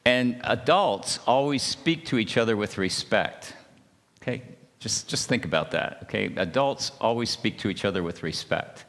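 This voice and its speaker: A man speaking at a church marriage seminar, talking haltingly with many restarts and checking in with his listeners by asking "okay?". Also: lowish voice, lively intonation, fairly bright tone. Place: church hall. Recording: long hall reverb.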